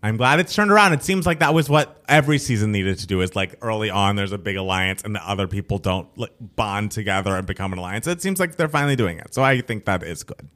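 A man's voice: fairly low pitch, lively intonation, fast talker, hardly any pauses, a bit bright. A man co-hosting a podcast in casual chat, telling stories in an enthusiastic, reflective way. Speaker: podcast co-host.

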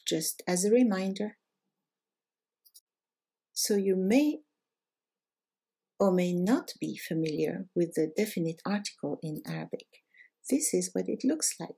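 A woman teaching a lesson at a slow, unhurried pace, her voice low, mellow and gravelly. She explains each point patiently and stretches out the example words. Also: expressive. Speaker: Arabic teacher. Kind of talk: recorded language lesson.

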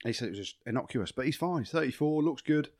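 A man's voice: mid-range voice, lively intonation, quick pace, a little mellow, dry recording, clean studio sound. A man co-hosting a rugby podcast in casual banter, telling jokey stories and swearing. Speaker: podcast co-host.

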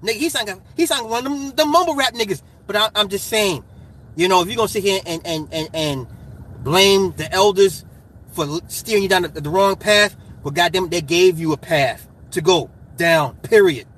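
A middle-aged man in casual chat, animated and profane, getting hyped and laughing as he argues his point. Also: high voice, normal speed.

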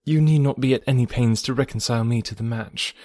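A man's voice: medium pitch, quick pace, a little mellow, dry recording, clean studio sound, lightly acted. A man reading the lines of a cheerful young woman in an audiobook of a classic novel, with a light, composed delivery.

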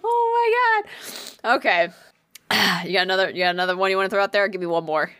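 Bright, lively woman reacting loudly. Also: mid-range voice, quick pace. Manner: exclaiming, laughing, swearing reactions. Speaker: podcast co-host. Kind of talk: casual chat.

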